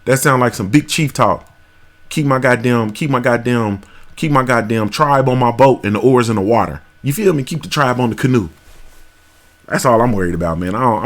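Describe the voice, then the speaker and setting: A man in his thirties hosting a podcast, talking in a loose, profane, rambling monologue and checking in with "you feel me" again and again. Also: medium pitch. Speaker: podcast host. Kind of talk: casual monologue.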